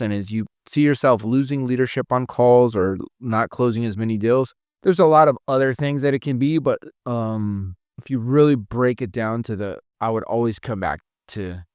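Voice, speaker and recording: A man's voice: mid-range voice, darkish tone, no echo, clean studio sound. A man giving a casual spoken sales training lesson, often restarting phrases and demonstrating intonation.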